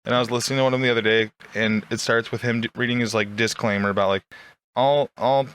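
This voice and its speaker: Crude joking young man, bright voice. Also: mid-range voice, fairly even intonation, smooth. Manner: crude, joking, quick to laugh. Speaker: podcast host. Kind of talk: casual podcast chat.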